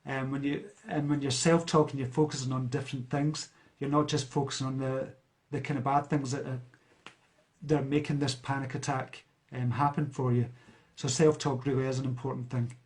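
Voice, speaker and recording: This Scottish man, from near a big city, has a mid-range, slightly mellow voice with little pitch movement and a moderate pace. On his live stream as a self-help speaker, he reads out comments and responds in a chatty manner, full of fillers and restarts.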